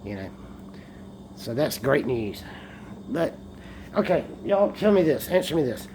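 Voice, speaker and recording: Tipsy guy rambling into his phone, mellow low-key voice, cussing and joking. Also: very animated, a little slow, a little hiss or hum. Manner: rambling, jokey, swears often. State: tipsy from beer. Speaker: vlogger. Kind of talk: casual rambling monologue.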